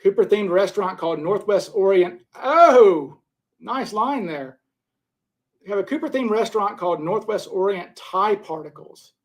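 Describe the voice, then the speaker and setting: Scoring suspects on his live stream, this host meanders, restarting and repeating himself as he casually reads out viewer comments. He speaks at a normal speed in a high voice.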